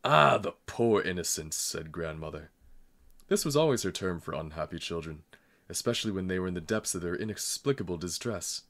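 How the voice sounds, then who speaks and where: Calm, measured narration comes from a low-pitched man reading a novel aloud as an audiobook.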